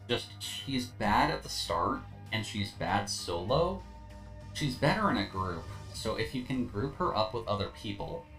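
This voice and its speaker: A man's voice: lowish voice, sharp tone. A tired man streaming a video game, talking through his play in a laid-back, rambling way with lots of fillers and slightly slurred words. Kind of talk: casual gameplay commentary.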